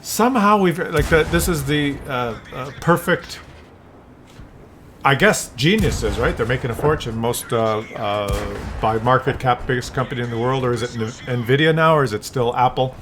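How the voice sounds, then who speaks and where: A man's voice: medium pitch, moderate pace, noisy background. An older man talking in a loose, rambling monologue, often restarting words and acting out little scenes. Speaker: vlogger.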